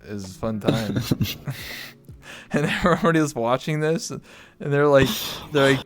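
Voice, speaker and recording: A man's voice: mid-range voice, lively intonation, normal speed, long pauses. A man hosting a casual livestream interview, joking around with playful, swearing trash talk. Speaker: host.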